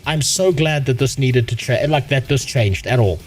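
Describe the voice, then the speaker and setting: A man's voice: medium pitch, normal speed, breathy edge, faint music behind. Sweary ranting male streamer. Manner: profane, sarcastic, ranting. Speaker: streamer reviewing a game. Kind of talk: casual live-stream rant.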